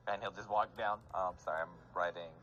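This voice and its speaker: Man player, bright tense voice, casual jokes, dull lo-fi mic. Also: sits low, steady tone, fast, a little hiss or hum. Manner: casual, joking. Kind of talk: tabletop game banter.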